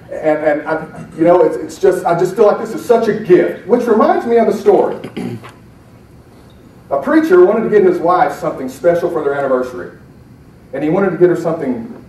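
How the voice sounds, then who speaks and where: A middle-aged man from Alabama giving an animated, self-deprecating storytelling talk to a conference audience. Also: a little high, recorded from a distance, a little hiss or hum. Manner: animated, self-deprecating, acts out quoted voices. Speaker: motivational speaker. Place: conference breakout room. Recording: echoey hall, speaker off-mic.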